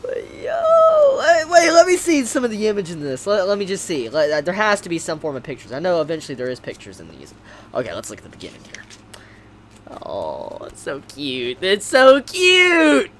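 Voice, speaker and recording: A man vlogging casually as he unboxes gifts, excitable, stammering and repeating himself, at times shouting. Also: a little high, brisk, a little hiss or hum. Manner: excitable, swings to shouting and squealing. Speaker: anime vlogger.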